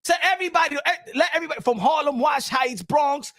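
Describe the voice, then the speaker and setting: A man hosting a boxing livestream, loud and joking, switching between languages while reading super chats. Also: very high-pitched, fast, few pauses, dry recording, clean studio sound. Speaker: boxing show host.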